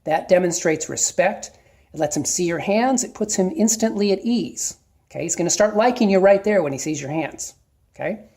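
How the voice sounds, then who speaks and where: A middle-aged man giving casual, plain-spoken advice to viewers, often checking in with a quick "okay?". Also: sits high, lively intonation, darkish tone. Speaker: video host giving advice. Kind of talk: casual instructional talk to camera.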